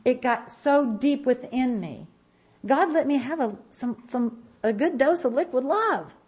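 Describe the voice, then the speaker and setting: A woman's voice: sits high, expressive, measured pace, a little mellow. A woman in her fifties giving an impassioned church testimony, emphatic and repeating phrases as she tells her story.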